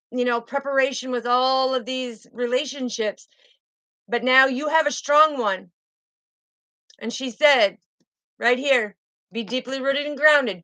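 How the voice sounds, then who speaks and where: A woman reads tarot cards for her viewers in a soothing, affectionate way, calling them sweetheart and baby girl. Her voice sits high and bright. The sound is dry and close, with no room echo. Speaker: tarot reader.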